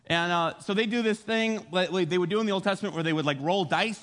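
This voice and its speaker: A young man preaching a casual sermon, retelling a Bible story in an animated way and acting out the voices. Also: sits high, fast. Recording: long hall reverb.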